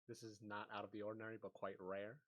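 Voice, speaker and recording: Guy player in a tabletop rpg, quick talker, stops and restarts a lot. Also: on the low side, flat delivery, fairly bright tone. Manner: fast, informal, halting restarts. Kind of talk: tabletop game role-play.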